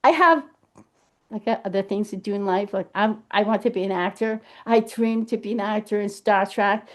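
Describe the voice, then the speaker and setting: A woman talking casually to camera in an animated, emphatic way, thinking aloud and restarting her sentences as she goes. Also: medium pitch, moderate pace. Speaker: vlogger. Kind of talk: casual rambling monologue.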